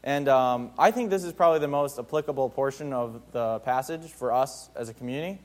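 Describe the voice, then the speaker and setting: A man's voice: medium pitch, a little fast, a little mellow. A man giving a conversational Bible teaching to his community, informal and emphatic, with frequent fillers and restarts. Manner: emphatic on key points.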